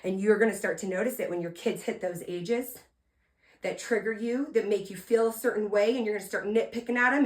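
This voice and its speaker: A woman podcast host with a mid-range voice recounts a story from her talk to students in an energetic motivational style. She mixes sudden loud emphasis with soft, earnest asides and asks her listeners direct questions, inviting them to respond.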